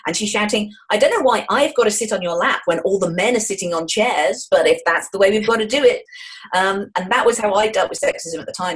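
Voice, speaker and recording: A woman in her forties, a guest in an interview, telling stories in a frank, jokey, lively way. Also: on the low side. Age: 40s. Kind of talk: interview chat.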